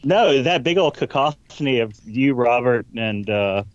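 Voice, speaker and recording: A man's voice: medium pitch, lively intonation, measured pace, muffled recording. A man co-hosting a podcast in casual banter, ribbing his friends in a wry tone. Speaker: podcast co-host.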